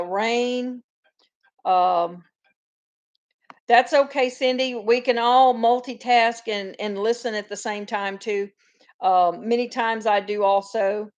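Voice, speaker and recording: A woman's voice: mid-range voice, highs cut off. A woman hosting a casual live chat, telling long rambling stories and greeting viewers by name. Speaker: host of a live farm chat.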